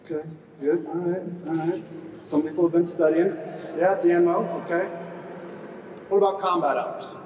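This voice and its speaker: A middle-aged man speaking from a podium in a large hall, joking with the crowd and scattering "uh" fillers through his speech. His voice sits a little high for a man and sounds distant. The recording carries a long, roomy echo with faint ambient noise. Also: steady tone, normal speed, long pauses, highs cut off. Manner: joking, chatty, with frequent "uh" fillers and audience banter. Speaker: squadron commander presiding at a retirement ceremony. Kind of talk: humorous ceremony speech.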